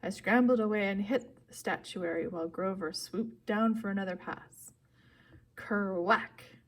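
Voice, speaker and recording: A woman reading a first-person story aloud in a steady, clear, expressive narration. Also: mid-range voice, moderate pace. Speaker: audiobook reader.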